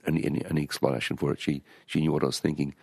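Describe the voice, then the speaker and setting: Older Australian man, rambling storyteller, very low gravelly voice, husky, dry close sound. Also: little pitch movement, very fast, darkish tone, no echo. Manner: rambling, with frequent restarts and storytelling. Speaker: author and interview guest. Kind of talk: relaxed conversational interview.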